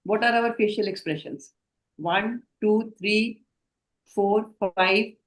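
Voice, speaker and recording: In an online training lecture, a woman with an Indian English accent and a mid-range voice leads a healthcare communication session. She explains things in a measured way and often puts questions to the group. The audio quality is poor.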